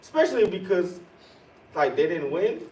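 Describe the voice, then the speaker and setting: Lively man with a bouncing voice, echoey hall. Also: sits high, moderate pace. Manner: lively, laughing, uses slang. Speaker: panelist. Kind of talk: casual panel storytelling. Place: convention hall. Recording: echoey hall, distant mic, audible noise.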